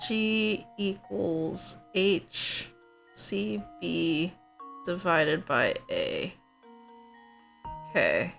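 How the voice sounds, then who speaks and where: A woman's voice: on the low side, animated, extremely slow, vocal fry, long pauses, a bit bright, faint music behind. A woman streaming a video game, chatting playfully with viewers, giggling and reading puzzles aloud. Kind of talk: casual let's play chat.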